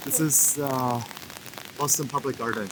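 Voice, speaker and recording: A man's voice: mid-range voice, fairly even intonation, a little slow. A man vlogging a walk around town with friends, chatting casually and rambling with lots of fillers. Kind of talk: casual chat. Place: busy city streets outdoors. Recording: loud street noise behind. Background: loud street ambience.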